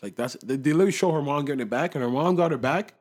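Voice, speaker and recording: A young man in casual chat, talking with lively swings between loud bursts and low mutters, full of street slang. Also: very fast.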